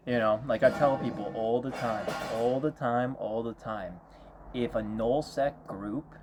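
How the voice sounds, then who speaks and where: A man of middle pitch rants in an exasperated, repetitive way, circling back to the same complaints again and again. A faint hiss sits under his voice in the recording. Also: darkish tone. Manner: exasperated, repetitive venting with mocking quoted voices. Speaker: game vlogger. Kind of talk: frustrated rambling monologue.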